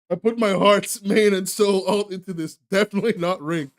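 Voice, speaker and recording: Hosting a live stream, a young man speaks to his chat directly in a high, light voice. He laughs a lot and throws himself into exaggerated, joking outrage.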